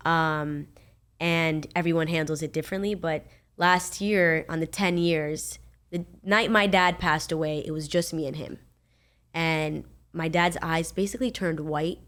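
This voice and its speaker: A woman with a lowish voice speaks as a podcast guest. She tells a personal family story openly and sincerely, in a casual, unscripted way. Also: fairly even intonation, a little slow, fairly bright tone. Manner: open, heartfelt, affirming.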